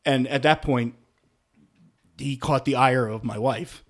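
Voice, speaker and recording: Middle-aged man telling a story animatedly. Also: slow pace. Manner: animated, swings from loud emphatic bursts to low muttered asides. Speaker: podcast co-host. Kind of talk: casual storytelling chat.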